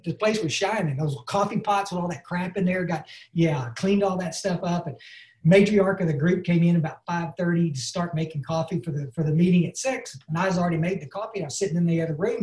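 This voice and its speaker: At an online meeting, a man gives an earnest, folksy recovery talk as personal testimony, full of "and, uh" fillers. His voice is fairly high and a little mellow, heard in an echoey room.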